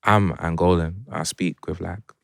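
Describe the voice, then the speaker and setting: A young man with a London accent and a slight Jamaican twang, talking things through in a relaxed, reflective way as a guest. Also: low voice, unhurried, vocal fry, dry recording, clean studio sound. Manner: reflective, laid-back, heavy with filler phrases. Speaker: guest musician. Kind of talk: casual conversation.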